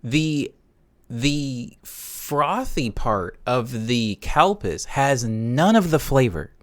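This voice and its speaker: A man chatting casually on a live music-production stream, talking to his chat as he works in his home studio. His pitch swings widely and he breaks into scatted, hummed chord notes between remarks. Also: expressive, drawn-out words. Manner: chatty, hums and scats chord notes aloud.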